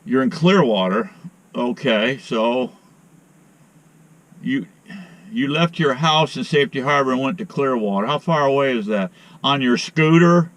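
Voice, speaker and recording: A middle-aged outdoor vlogger and beekeeper, his arm sore after a shot, rambles to viewers in a folksy way and grows exasperated during a phone call. He has a mid-range, expressive, slightly bright voice, speaks a little slowly with long pauses, and there's no room sound.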